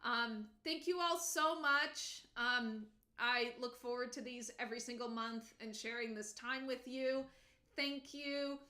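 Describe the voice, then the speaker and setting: A woman's voice: on the high side, measured pace. Chatty woman cellist in an echoey room. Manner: warm, chatty and emotional with many fillers. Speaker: cellist and channel host. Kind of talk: livestream Q&A chat.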